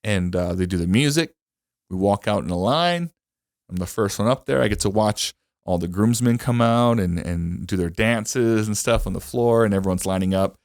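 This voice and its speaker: A man's voice: on the low side, moderate pace, dry recording, studio quality. A young man hosting a podcast, telling a personal story in casual chat, full of fillers, restarts and the odd swear word. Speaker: podcast host.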